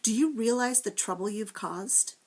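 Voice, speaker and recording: A woman's voice: on the high side, normal speed. A woman voicing a tall, fussy, snappish creature in a storybook reading. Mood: scolding. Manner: snappish and scolding.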